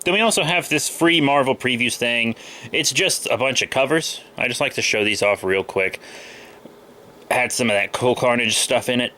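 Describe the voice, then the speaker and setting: Bright-voiced young man, a little sick. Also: medium pitch, moderate pace. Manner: rambling, loose, with many fillers. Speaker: comic book vlogger. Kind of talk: casual haul video chat.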